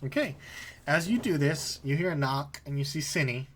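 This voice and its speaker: A man's voice: on the high side, animated, normal speed, a bit bright, a little hiss or hum. A man narrating as game master of a tabletop game, casual and often laughing. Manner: casual, laughing, voices figures briefly.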